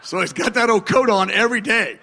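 A man in his fifties preaches through a personal story, relaxed and anecdotal. His voice sits high for a man and has a bright, forward edge. He pokes fun at himself with chuckling asides. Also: brisk, big-room sound, a faint crowd. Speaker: pastor. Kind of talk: storytelling sermon.

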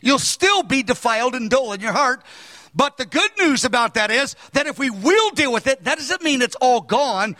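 A man in his sixties preaching a sermon, earnest and emphatic, now and then raising his voice to a shout. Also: very high-pitched, animated, normal speed, in a large hall.

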